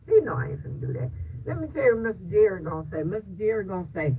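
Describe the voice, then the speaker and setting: A woman vlogger with a gravelly voice talks to her viewers in a loose, faith-filled chat, emphatic and preachy. She sits well away from the mic. Loud background noise runs under her words. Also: medium pitch, very animated, very fast, distant mic, poor audio. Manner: emphatic, preachy, repeats phrases for stress.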